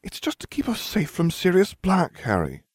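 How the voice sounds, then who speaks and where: A man's voice: high voice, wildly swooping pitch, moderate pace, breathy edge, no room sound, studio quality, voice pushed up, full character voice. Hermione: a man doing an impatient schoolgirl. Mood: exasperated. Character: clever, exasperated schoolgirl.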